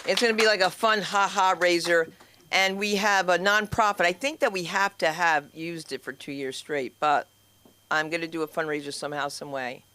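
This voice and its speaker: A woman's voice: on the low side, fairly even intonation, normal speed, pushed and bright, a little hiss or hum. A woman hosting an open mic at a small comedy club and teaching comedy, telling blunt, swearing stand-up anecdotes on a handheld mic. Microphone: handheld stage mic.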